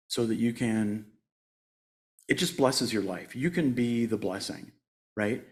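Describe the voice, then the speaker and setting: Chatty joking preacher man in his sixties. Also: on the low side. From United States. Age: 60s. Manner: joking, self-mocking, laughs often. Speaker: guest speaker at a church service. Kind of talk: conversational sermon. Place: church sanctuary.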